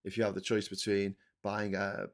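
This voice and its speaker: A man's voice: fairly low pitch, monotone, normal speed. A middle-aged man from England hosting a live stream, chatting casually, reading out viewer comments, swearing and restarting his sentences. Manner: rambling, swears, frequent restarts.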